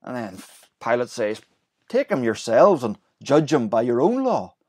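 A man preaching a sermon, explaining the scripture passage in a lively way and voicing the quoted lines. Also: medium pitch, measured pace, slightly rough.

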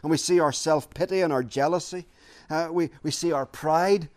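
A man preaching a sermon, earnest and deliberate, repeating key phrases for emphasis. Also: fairly high pitch, a little mellow.

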